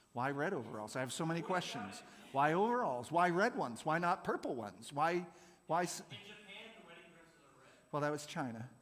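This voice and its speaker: A man's voice: on the high side, a bit bright. A man running a playful real-or-fake quiz with a youth group at a church service, jokey and laughing often. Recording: long hall reverb.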